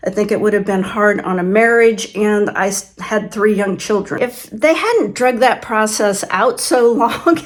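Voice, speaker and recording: A woman's voice: medium pitch, unhurried, few pauses. An older woman from Kansas, telling stories in a casual vlog, chatty and laughing often as she acts out quoted voices. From Kansas, USA. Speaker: channel host. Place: farm home.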